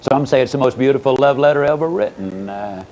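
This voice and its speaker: An older man with a Southern American accent giving a motivational speech, telling stories with dramatic swings of pitch and loudness and long pauses. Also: lively intonation, slight background noise, rough recording. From Southern United States. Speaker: motivational speaker. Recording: old audio tape recording.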